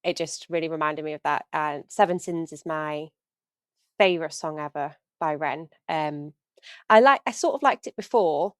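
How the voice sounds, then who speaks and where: A woman's voice: low voice, normal speed, clean tone, no echo, clean studio sound. A young woman hosting a reaction video, talking casually and gushing, with lots of likes and ums.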